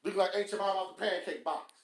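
A man's voice: high-pitched, fairly even intonation, fast talker. A man, hosting a podcast with a blunt, scolding motivational rant that mocks people with quacking. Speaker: podcast host. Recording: echoey room.

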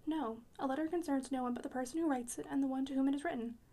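Woman reading as a prickly old french lady pianist, high quick voice, blunt and teasing. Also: dark tone. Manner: brusque, teasing, sprinkles French words.

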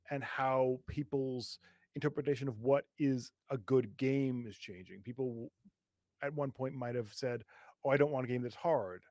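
A man's voice: medium pitch, dry recording. Earnest man talking games. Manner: earnest, thinks aloud with fillers. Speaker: podcast co-host. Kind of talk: casual gaming discussion.

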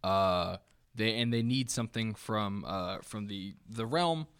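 A man co-hosting a casual book discussion, talking haltingly with many restarts. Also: on the low side, fairly bright tone, smooth. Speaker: podcast co-host.

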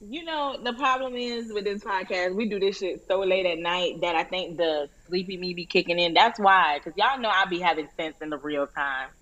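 A woman's voice: lowish voice, moderate pace, few pauses, a bit bright, dull audio. Joking woman on a casual podcast. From New York. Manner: playful, joking, drawling slang. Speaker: podcast co-host. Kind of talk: casual chat.

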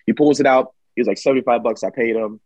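A man telling a story in casual chat, dramatic and animated, acting out what people said. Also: medium pitch, fast talker, no echo, rough recording. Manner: animated, dramatic retelling with acted-out quotes. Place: Michigan.

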